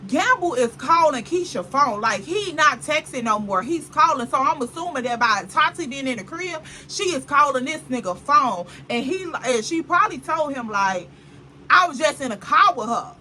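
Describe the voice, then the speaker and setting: Animated high-voiced woman telling a story. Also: normal speed, hardly any pauses, a little hiss or hum, low-quality recording. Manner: animated and dramatic, full of slang asides to the viewer. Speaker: vlogger. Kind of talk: casual storytime chat.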